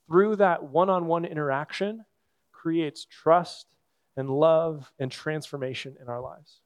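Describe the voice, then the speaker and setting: A man preaching a sermon as a pastor, earnest and conversational, with thoughtful pauses. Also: on the high side, clean tone, no room sound.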